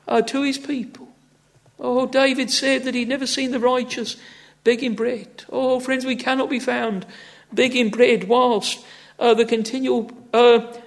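Male preacher with a strikingly high, fry-tinged voice, earnest and exhorting in the pulpit. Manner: earnest, exhorting, with frequent "ah, friends" and "oh". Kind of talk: sermon.

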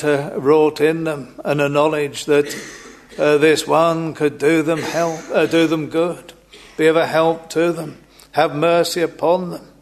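A man preaching a sermon slowly and haltingly, with many pauses and restarts and old-fashioned biblical wording. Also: fairly high pitch.

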